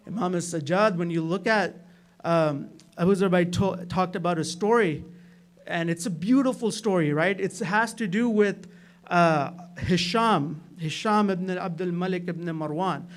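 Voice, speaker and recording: High-voiced man telling a sermon story. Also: measured pace. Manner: storytelling with frequent "right?" asides, rising loud in dramatic moments. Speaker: speaker at a religious gathering. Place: community hall.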